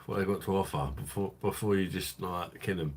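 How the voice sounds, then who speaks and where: A man's voice: sits low, brisk, darkish tone, husky. A man hosting a live stream, chatting casually with crude jokes and frequent laughter. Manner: laughing, crude banter with chat.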